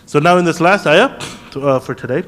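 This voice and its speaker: A man with a slightly high voice teaches a class in a mosque hall, and his words ring out in a long reverb. He puts questions to his listeners as he explains. He recites Arabic verses at a quick clip. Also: a bit bright. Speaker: teacher of Quran commentary. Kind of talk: classroom lesson.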